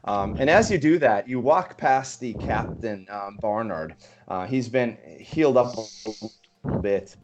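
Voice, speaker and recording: Male game master, lively and rambling, with faint music under the narration. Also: medium pitch, a little slow, lo-fi sound. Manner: rambling with many fillers and restarts.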